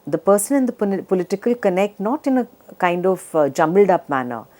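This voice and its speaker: A woman literature professor giving a measured lecture on a poem, with frequent fillers and slowly read verse lines. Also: medium pitch, sing-song, a little mellow.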